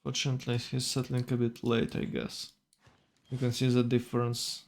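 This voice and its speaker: A man's voice: mid-range voice, completely flat delivery, normal speed, creaky. A man commentating a strategy game tournament, thinking aloud with hesitations and self-corrections.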